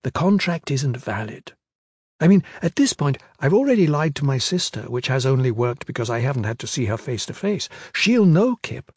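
A man's voice: mid-range voice, sing-song, normal speed, slightly rough, no room sound, clean studio sound. A man voicing a young newlywed woman who is earnest and defensive in an audiobook reading. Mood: bitter.

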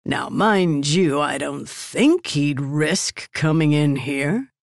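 A woman doing a sly, slow-talking tavern man. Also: low-pitched, vocal fry, no room sound, studio quality, full character voice. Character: sly boastful male tavern storyteller.

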